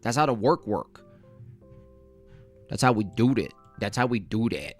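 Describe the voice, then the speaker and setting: A man's voice: on the low side, sing-song, measured pace, faint music behind. A man hosting a livestream, giving sarcastic, rambling comic commentary. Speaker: livestream host. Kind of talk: comedic live commentary.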